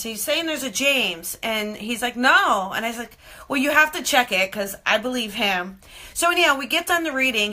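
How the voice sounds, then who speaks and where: Bright, chatty woman medium. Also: a little high. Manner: animated, chatty, acts out quoted voices. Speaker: medium and show host. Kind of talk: live-streamed casual storytelling.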